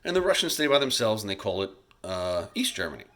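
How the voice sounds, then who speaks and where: A male teacher giving a casual recorded history lecture over slides, chatty and loose, talking straight to his students and acting out leaders in quick bits. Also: fairly low pitch, very animated, fairly bright tone. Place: home, recording alone during school shutdown.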